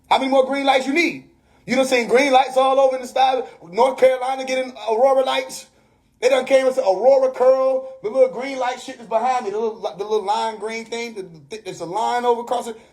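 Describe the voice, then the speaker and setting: A man's voice: high voice, a little mellow. A man hosting a casual livestream monologue, preachy and laughing often, talking straight to his viewers. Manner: preachy, laughing often, repeats "you know what I mean". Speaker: livestream host. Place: bedroom.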